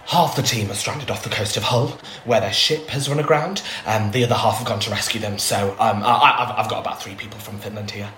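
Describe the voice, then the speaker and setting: A man's voice: lowish voice, fairly quick, hardly any pauses, fairly bright tone, echoey room, a little hiss or hum, lightly acted. A man playing a flustered ceremony organiser who rants in a chaotic way and laughs as he talks. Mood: frazzled. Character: frazzled male ceremony organiser, honest, exasperated. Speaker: interviewee on a comedy sketch. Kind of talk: improvised comedy sketch.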